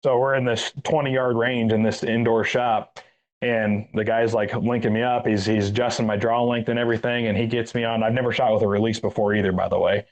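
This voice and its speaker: A man's voice: medium pitch, a little fast, poor audio. Rambling Texan man telling a story. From Central Texas. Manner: rambling, animated, says dude and man. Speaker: guest, retired Army master sergeant. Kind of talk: casual storytelling.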